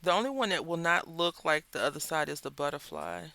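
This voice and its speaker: A woman's voice: low voice, lively intonation, fairly quick, vocal fry, bright, forceful tone, no room sound. A woman with a Southern American accent, hosting a craft video and chatting in a rambling, storytelling way as she works at her craft table. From Southern United States. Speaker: craft channel host. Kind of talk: casual chat while crafting.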